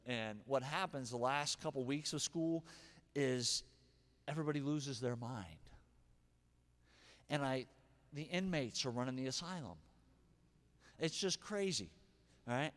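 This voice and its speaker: A middle-aged man preaching a sermon as pastor, animated, moving from hushed asides to shouted punchlines. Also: on the high side. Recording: long hall reverb.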